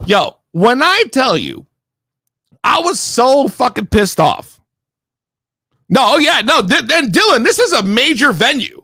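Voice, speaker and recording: A young man from Connecticut tells a story with a high voice that swings widely up and down. His delivery is heated, slangy and full of swearing, and it rambles and restarts. The recording is dry and close. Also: slow pace, long pauses, slightly rough, dry recording. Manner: profane, heated, animated storytelling. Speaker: podcast regular telling a story. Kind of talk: casual storytelling.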